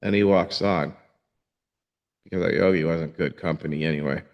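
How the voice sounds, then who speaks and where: A man teaching yoga, telling a parable in a casual, halting way and often repeating his words. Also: low voice, steady tone, creaky, muffled recording. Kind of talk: casual storytelling talk.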